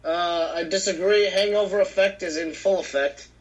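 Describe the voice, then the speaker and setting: A man co-hosting a casual sports picks chat, reacting quickly and stating his picks with confidence. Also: sits high, steady tone, low-quality recording. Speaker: co-host.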